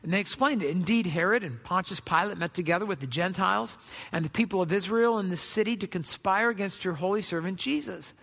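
A man's voice: sits high, fast talker, creaky, sharp tone, big-room sound. A man preaching a sermon as pastor, in a conversational way that is full of rhetorical questions.

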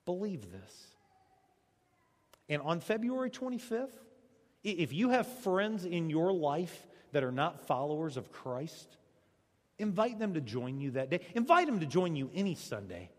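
A male pastor preaching a sermon, swinging between loud, emphatic lines and hushed ones. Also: fairly high pitch, very animated, a little slow. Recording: long church reverb.

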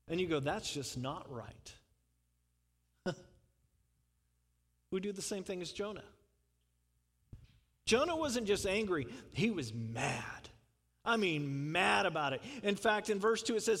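High-voiced preacher in an echoing hall. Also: male voice, a bit bright. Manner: conversational, asks the congregation questions, chuckles. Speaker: pastor. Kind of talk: sermon.

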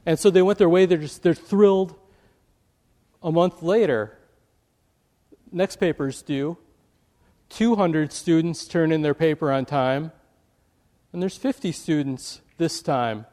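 High-voiced man preaching in a reverberant hall. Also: measured pace, long pauses. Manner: animated, acts out quoted voices. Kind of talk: sermon storytelling.

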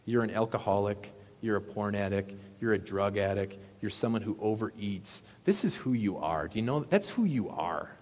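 Brief: sly, accusing devil, played by a man, low voice, echoey hall. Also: lively intonation, normal speed, hardly any pauses, darkish tone, lightly acted. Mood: taunting. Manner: coaxing, accusing. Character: sly tempting male devil, the liar.

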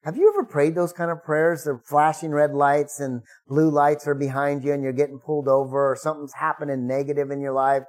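A man's voice: on the high side, a little fast, hardly any pauses, a little mellow. A middle-aged man, a pastor, preaching a sermon in a conversational way, acting out the prayers he quotes with rising emphasis.

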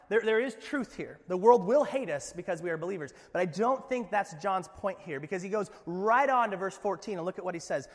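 A high-pitched male pastor giving a sermon, breezy and conversational, tossing in jokes and quick asides. His voice rings out with a long hall reverb around it.

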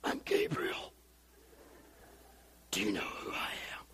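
A pastor voicing an angry, boastful male archangel in a low, menacing tone. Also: takes it slowly, pushed and bright, in a whisper, long reverb tail. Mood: menacing hush.

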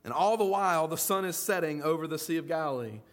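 A man preaching a sermon as pastor, in a lively, folksy way, often acting out the voices of the people in his story. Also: fairly high pitch, quick pace.

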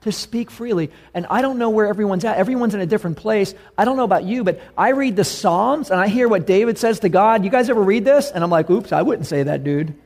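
A man preaching a sermon with a slightly high voice. He talks casually but with emphasis and often turns to his listeners with questions. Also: fast, few pauses, a little mellow. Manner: conversational and emphatic, asks the congregation questions.

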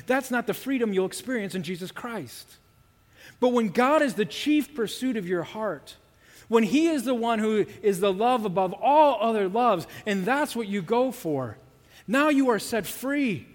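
High-voiced pastor preaching in a reverberant hall. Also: male voice. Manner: earnest, repeats phrases for emphasis. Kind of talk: sermon.

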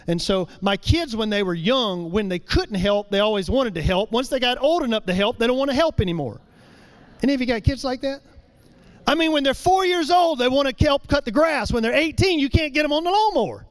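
A middle-aged man preaching a sermon, emphatic, repeating his phrases and slowing down for key lines. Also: sits high, clean tone.

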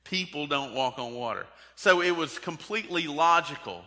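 A man preaches a conversational sermon to his congregation and keeps putting questions straight to them. His voice is bright and forceful. It rings out with a long reverb through a large sanctuary. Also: a little high, expressive, normal speed. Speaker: pastor.

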